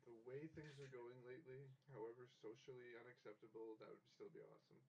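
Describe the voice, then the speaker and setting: A man's voice: medium pitch, steady tone, fast, darkish tone, highs cut off, slight background noise. A man playing in a tabletop game over online voice chat, wryly arguing game mechanics. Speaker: player.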